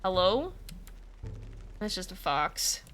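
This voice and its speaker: A woman streamer chatting casually over a wolf game, laughing often and loudly, with a light lilt. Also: medium pitch, lively intonation, unhurried, soft background music. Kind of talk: casual gameplay commentary.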